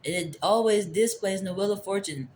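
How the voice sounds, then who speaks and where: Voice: medium pitch, a little fast, darkish tone, a little hiss or hum. An adult tarot reader giving a casual, rambling spiritual reading into a phone camera, returning to the same phrases. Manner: rambling, repeats favorite phrases.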